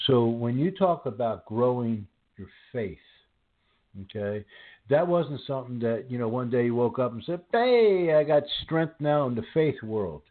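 A man in his sixties hosting a faith interview, talking in a rambling way and repeating his words as he goes. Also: fairly low pitch. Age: 60s. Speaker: host. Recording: tinny phone-like line.

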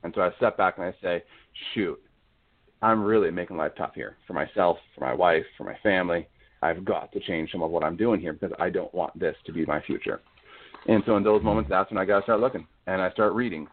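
A man's voice: sits low, fast talker. A man as an interview guest, talking about faith in an earnest, reflective way. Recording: tinny phone-like line.

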